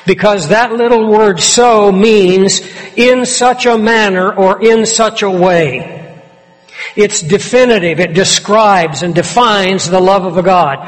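A male preacher with a notably high voice delivers an expository sermon, leaning hard on key words. His voice rings out with a long reverb tail, as in a church sanctuary. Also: slow pace, soft background music.

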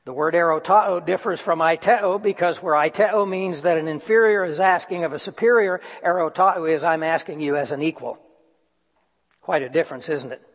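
Male preacher, fairly high voice, measured sermon delivery, long hall reverb. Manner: slow, deliberate emphasis with reading aloud.

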